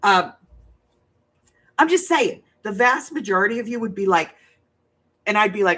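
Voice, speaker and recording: A woman's voice: mid-range voice, moderate pace, pauses often, a bit bright. An older woman, a grandmother hosting a crafting live stream, talking bluntly and rambling straight to her viewers. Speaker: crafting channel host. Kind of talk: casual livestream chat.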